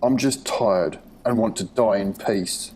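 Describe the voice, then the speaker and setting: A man's voice: lowish voice, measured pace, darkish tone, a little hiss or hum, lightly acted. A man voicing a tired, resigned male prisoner who wants to be left to die in peace. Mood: weary. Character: weary, miserable male prisoner longing to die.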